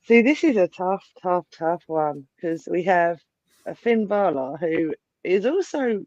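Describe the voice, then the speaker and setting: A woman's voice: lowish voice, expressive, a little slow, a little mellow. Giggly woman guest on a dull line. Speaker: podcast guest. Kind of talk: casual podcast chat.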